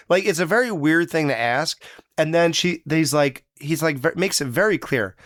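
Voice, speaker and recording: A man co-hosting a casual movie review podcast, animated and acting out lines from the film. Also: on the high side, measured pace, clean tone, no room sound, studio quality. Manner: animated, acts out movie lines in quoted voices. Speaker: podcast co-host.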